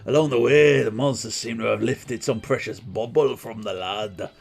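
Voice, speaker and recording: A man putting on a gruff Scottish innkeeper. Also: medium pitch, moderate pace. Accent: put-on Scottish. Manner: exaggerated, rolling brogue. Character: gruff retired male innkeeper, stubborn.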